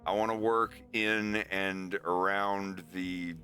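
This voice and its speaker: A man's voice: low-pitched, steady tone, slow, sharp tone, faint music behind, heavily acted. A man voicing an earnest eighteen-year-old young man who begs for work. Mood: pleading.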